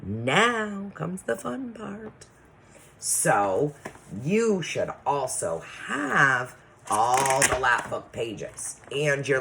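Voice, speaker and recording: Reading a chapter book to her students before giving out assignments, a teacher speaks in a bass voice that's a bit bright. She takes her time, stays patient, and frequently checks on the kids, with slight background noise behind her.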